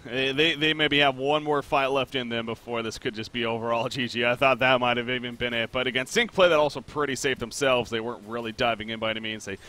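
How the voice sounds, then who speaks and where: A young man casting a live esports match, calling play-by-play in quick, easy, chatty commentary. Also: mid-range voice. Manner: quick play-by-play that builds to excited calls during fights.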